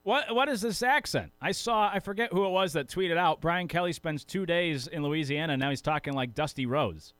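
A man's voice: fairly high pitch, brisk, hardly any pauses, a bit bright, no room sound. A man hosting a sports talk radio show, chatty and opinionated, talking into a studio microphone.

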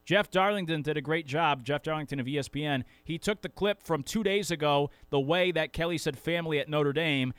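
High-voiced, opinionated sports radio host. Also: male voice, brisk, few pauses, smooth, no echo. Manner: animated, opinionated, chatty. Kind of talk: sports talk radio commentary. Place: radio studio. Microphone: studio microphone.

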